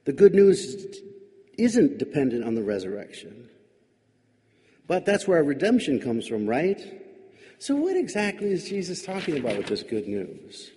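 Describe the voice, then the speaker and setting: A man's voice: fairly high pitch, huge pitch swings, moderate pace, mellow. A male pastor giving a reflective sermon, musing aloud with wry, questioning asides. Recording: long hall reverb.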